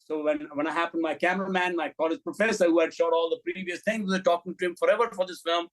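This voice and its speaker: A man's voice: fairly high pitch, fast, few pauses, rough recording. A middle-aged man, a film director as interview guest, telling candid, blunt stories and acting out the dialogue in them. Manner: animated anecdotes, blunt and profane, acts out quoted dialogue.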